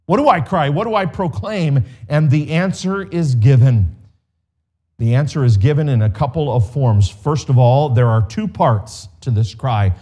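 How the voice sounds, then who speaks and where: A man preaching an expository sermon as a pastor, earnest and measured, with direct appeals to his listeners. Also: fairly high pitch, darkish tone.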